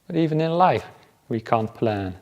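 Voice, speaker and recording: Man, Buddhist monk, retreat dharma talk, middle-pitched voice, relaxed, chuckles often, halting pauses. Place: meditation retreat centre.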